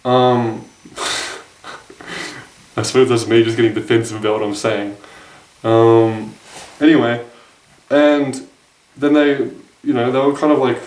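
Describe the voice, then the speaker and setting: A man's voice: medium pitch, fairly even intonation, measured pace, long pauses, darkish tone, distant mic. Young man rambling in an echoey room. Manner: rambling, with frequent restarts and self-corrections. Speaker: dating advice vlogger. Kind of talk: casual storytelling to camera.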